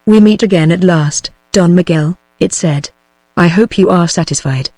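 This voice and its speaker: A text-to-speech woman's voice with a British English accent, reading an adventure novel aloud in steady, even audiobook narration. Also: on the low side, moderate pace, dry recording.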